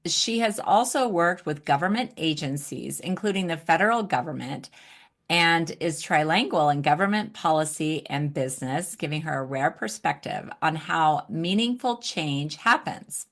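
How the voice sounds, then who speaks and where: A woman's voice: sits low, lively intonation, moderate pace, a bit bright. Enthusiastic woman podcast host. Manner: enthusiastic, laughs and reacts often. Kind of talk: interview host reading an introduction.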